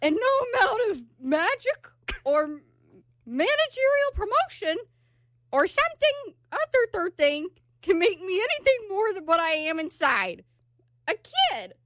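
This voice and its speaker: A woman's voice: very high-pitched, sing-song, a little slow, fairly bright tone, dry recording, clean studio sound, exaggerated voice. A woman doing an impression of an earnest young cartoon sea sponge, breaking into giggles. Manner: earnest speech broken by giggles. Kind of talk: impression on a radio show.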